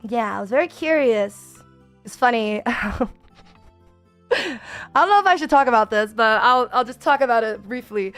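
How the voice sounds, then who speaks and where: High-pitched girl streamer chatting away, lots of likes and ums, soft music behind. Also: animated, normal speed, long pauses. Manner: rambling, many fillers, reads chat aloud. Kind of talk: casual chat with chat readers.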